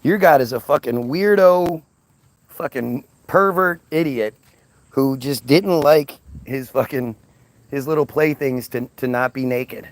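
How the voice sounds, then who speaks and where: A man's voice: medium pitch, measured pace, no room sound. Profane mocking male streamer. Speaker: livestream host. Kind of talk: crude comedic retelling.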